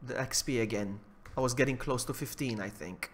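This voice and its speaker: A man's voice: medium pitch, a little fast, slight background noise. A man co-hosting a game livestream, chatting casually, laughing a lot and yelping when startled. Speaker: co-host playing along. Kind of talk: casual live gameplay chat.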